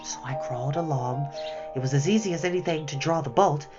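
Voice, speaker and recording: A man voicing a brave, spirited young girl who talks in a high, fast, breathless way. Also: music in the background, lightly acted. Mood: excited. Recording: slightly muffled lo-fi recording.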